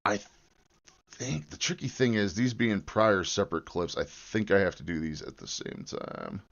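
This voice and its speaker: A man's voice: lowish voice, expressive, moderate pace, creaky, lo-fi sound. An American man livestreaming while he edits a video, chatting in a rambling, joking and profane way. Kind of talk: live-stream chat while video editing.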